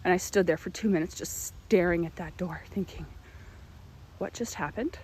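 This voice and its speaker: A young woman telling a personal testimony in an animated storytelling manner. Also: on the low side, a little fast, breathy edge.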